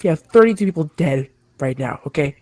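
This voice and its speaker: Game master doing a hostile rebel leader, fast, swearing, sarcastic, dry sound. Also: mid-range voice, animated, warm tone, dry recording, close to an everyday voice.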